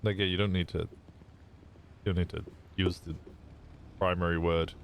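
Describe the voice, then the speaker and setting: A man's voice: low-pitched, level tone, moderate pace, vocal fry. A young man streaming and chatting loosely with his audience, swearing often and stumbling over restarts. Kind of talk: casual chat to a live stream chat. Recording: noisy background.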